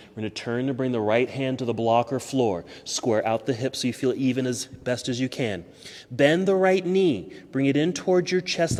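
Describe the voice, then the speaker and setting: A man teaching a yoga class, calmly cueing poses step by step and easing toward relaxation, a little out of breath. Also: mid-range voice, big-room sound. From United States. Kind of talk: guided yoga class instruction. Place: yoga studio.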